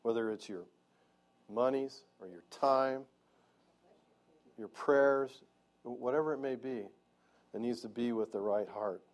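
A man's voice: mid-range voice, measured pace, pauses often, darkish tone. Man, pastor, church sermon, earnest, chatty, asks the congregation questions. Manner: earnest, conversational preaching with rhetorical questions.

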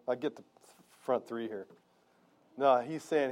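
A male pastor delivering a sermon in a church. He preaches in an earnest, conversational way, often turning to the congregation with questions. His voice sits at an ordinary middle pitch for a man. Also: measured pace, long pauses, a little mellow.

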